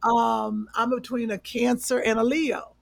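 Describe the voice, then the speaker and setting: A woman from Cleveland hosting a casual podcast chat, playful and teasing, with loud bursts of laughter. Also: a little high, flat delivery, a little slow, creaky, low-quality recording. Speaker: podcast host.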